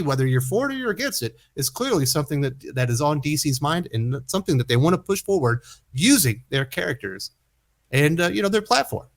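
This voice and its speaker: A man's voice: on the high side, a bit bright. A man hosting a comic book commentary, sarcastic and incredulous, often chuckling at what he reads. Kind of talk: opinion commentary.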